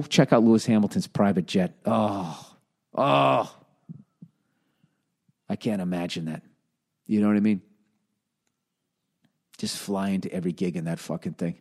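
A man's voice: lowish voice, animated, moderate pace, long pauses, a little mellow. A man hosting a podcast, talking in a casual comedic rant full of profanity and exasperation. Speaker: podcast host.

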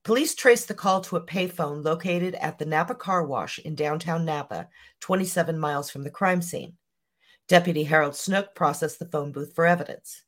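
A podcast host reading a scripted true-crime story in an even, measured way. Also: mid-range voice.

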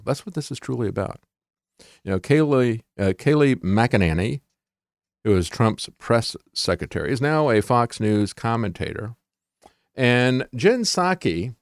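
A man's voice: mid-range voice, no echo, studio quality. A man hosting a talk show, giving emphatic opinionated commentary with sarcastic asides.

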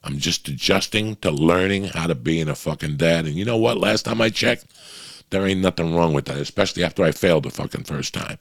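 A middle-aged man with a very low, gravelly, wheezy voice rambles through a confessional podcast monologue, swearing constantly. He sounds close and dry on a podcast mic, with no room around him. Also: fairly quick, no echo. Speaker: podcast host. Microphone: podcast microphone.

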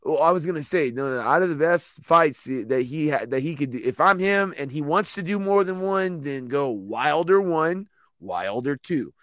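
A man's voice: on the high side, expressive, moderate pace, a bit bright, dry recording. A man co-hosting a podcast, chatting loosely with lots of swearing and laughter. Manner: loose, profane, laughing banter. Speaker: podcast co-host. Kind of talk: casual chat.

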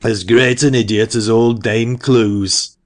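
A man voicing a brusque, sharp-tongued old male parson in an audiobook, loud and scolding. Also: medium pitch, fairly even intonation, slow, lightly acted. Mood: muttering. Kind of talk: audiobook character reading.

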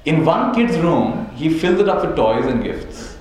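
A man's voice: a little high, lively intonation, unhurried, darkish tone. A man teaching a live audience as a spiritual teacher, telling stories, chuckling often and checking in with "right?". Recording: very echoey hall, faint noise.

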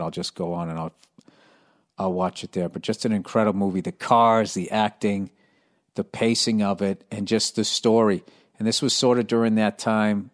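A man talks on his own podcast in a loose, rambling monologue. He swears casually, drifts between topics and stays sarcastic. His voice sits somewhat low. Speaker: podcast host.

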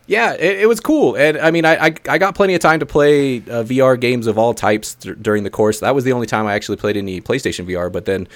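Excitable rambling man on a podcast. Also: medium pitch, quick pace, hardly any pauses, no echo. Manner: rambling, excitable, many fillers. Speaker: podcast co-host. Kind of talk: casual chat, storytelling.

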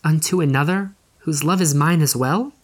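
A man's voice: fairly high pitch, moderate pace, voice pushed up, natural voice. A man reading the part of an anguished young noblewoman torn between duty and love, in earnest, pleading period diction. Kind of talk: audiobook reading.

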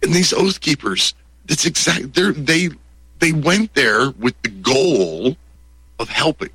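A man conducting an interview, speaking in an animated way and asking rhetorical questions. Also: on the high side, slow pace, breathy edge, dry recording. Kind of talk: conversational interview.

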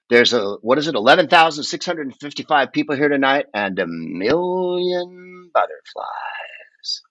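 A man's voice: medium pitch, a bit bright, no room sound, dull audio. A man from the Bay Area chatting as a podcast guest, rambling and emphatic, swearing freely. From San Francisco Bay Area. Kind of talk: casual conversational storytelling.

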